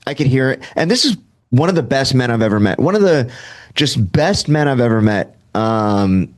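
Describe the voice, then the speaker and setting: His mid-range voice has a darkish tone and lively intonation at a normal speed as this man in his thirties, from Southern California, shares his recovery story. It's candid, self-deprecating storytelling full of fillers, with bits of dialogue acted out.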